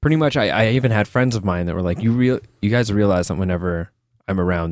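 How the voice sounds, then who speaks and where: Low-voiced man telling candid stories. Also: quick pace, hardly any pauses, no echo, studio quality. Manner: loose, rambling, many fillers and restarts. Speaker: guest, author. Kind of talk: candid conversational storytelling.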